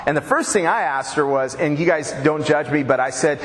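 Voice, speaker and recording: A man's voice: a little high, fairly quick, fairly bright tone. Joking man preaching in a reverberant hall. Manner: conversational, joking preaching to a congregation. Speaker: pastor. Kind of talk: sermon. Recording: reverberant hall, faint background noise.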